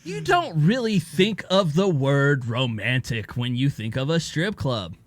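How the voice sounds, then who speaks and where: A man's voice: a little high, very animated, measured pace, dry recording. A man in his thirties co-hosting a comedy podcast, reading news stories aloud and cracking crude jokes. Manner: reads news stories aloud with joking asides. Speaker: podcast co-host.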